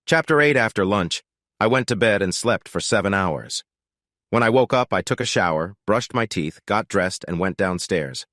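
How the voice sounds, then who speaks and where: A man narrating a first-person story in a steady, scripted way. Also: lowish voice, normal speed, no room sound, studio quality.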